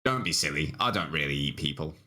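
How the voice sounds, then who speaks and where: Hungry giant, read aloud by a man streaming a game, slow, low and playfully menacing. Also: animated, bright, forceful tone, full character voice. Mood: mock menacing. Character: hungry male giant, gruff yet jokey.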